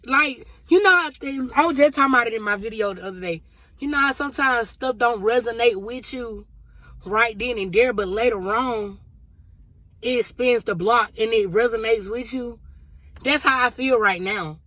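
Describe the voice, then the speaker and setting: A woman's voice: fairly high pitch, moderate pace, fairly bright tone, dry recording. A woman vlogger sharing a spiritual testimony in a casual, emotional, conversational way, talking straight to her viewers. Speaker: vlogger sharing a prophetic word.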